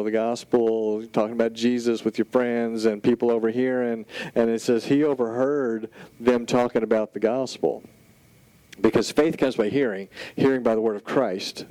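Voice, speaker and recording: A man preaching a sermon in an animated, conversational storytelling style, full of casual asides. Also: medium pitch, moderate pace, dry recording, poor audio. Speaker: pastor.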